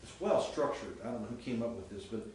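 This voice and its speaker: A man's voice: on the low side, expressive, fast, a little mellow, heavy reverb. Guy teaching greek to a class, chatty, sounds words out, faint hiss, distant mic. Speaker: Greek professor. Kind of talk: classroom lecture. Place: seminary classroom.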